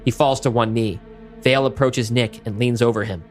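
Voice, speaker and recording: A man's voice: medium pitch, fairly even intonation, moderate pace, soft background music. Man narrating a monster story. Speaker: podcast co-host. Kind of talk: script table read narration.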